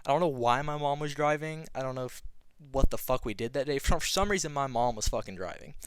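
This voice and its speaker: A man's voice: medium pitch, fast, smooth, no room sound. A young man vlogging, casually telling a rambling story with lots of swearing and a laid-back delivery.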